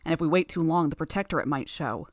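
A woman voicing a menacing teenage boy gang leader who talks in a low, growling, commanding way. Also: fast, dry recording, clean studio sound, natural voice.

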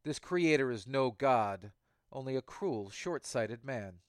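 A man voicing a calm, dignified female artificial intelligence who defends herself in a measured way. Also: mid-range voice, clear, resonant tone, dry recording, studio quality. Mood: defiant. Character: female AI, calm, defiant, self-made.

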